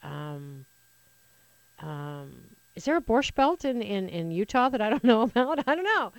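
A woman's voice: medium pitch, sing-song, unhurried, no room sound. A woman hosting a political talk radio show, sarcastic and opinionated, rambling with frequent restarts into a studio microphone.

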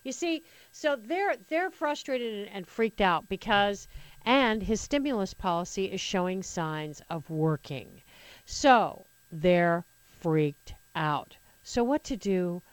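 A woman's voice: mid-range voice, lively intonation, a little slow, no room sound. A woman hosting a political talk radio show, sarcastic and opinionated, rambling with frequent restarts into a studio microphone.

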